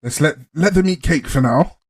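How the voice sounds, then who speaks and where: Husky young man, joking. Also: a little high, normal speed, a little mellow. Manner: joking, chuckling asides. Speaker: podcast co-host. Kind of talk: casual chat.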